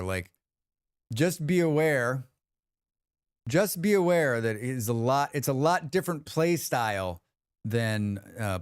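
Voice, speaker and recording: A man's voice: mid-range voice, clean tone, no echo, studio quality. A man hosting a livestream, chatting casually with viewers and telling stories, acting out what others said and swearing freely. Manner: animated storyteller who acts out quotes and swears freely. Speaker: livestream host.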